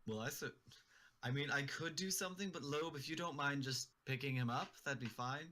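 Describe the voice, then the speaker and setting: A man's voice: mid-range voice, fairly quick, bright, forceful tone, slight background noise. A man playing a tabletop game, speaking hesitantly with many ums. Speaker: player. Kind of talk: casual tabletop play.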